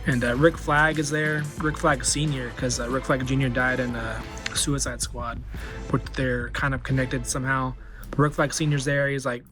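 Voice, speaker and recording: A man's voice: medium pitch, steady tone, normal speed, fairly bright tone, soft background music. A man in his forties, a toy collector hosting a video, recapping a movie casually with lots of fillers. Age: 40s. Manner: rambling, many fillers.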